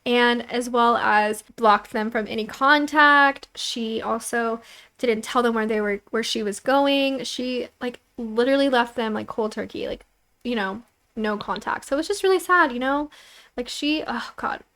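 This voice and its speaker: A woman's voice: fairly high pitch, a little slow, fairly bright tone. Chatty young woman narrating a game. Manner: chatty, lots of "like" fillers, giggly. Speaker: let's play host. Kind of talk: casual game commentary.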